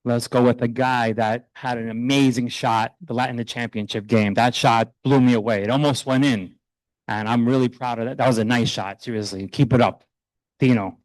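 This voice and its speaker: A middle-aged man, a youth soccer coach, speaking earnestly and proudly while honoring his players at a town meeting, loose and a little halting. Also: medium pitch, fairly even intonation, dry recording, poor audio. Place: township council meeting room.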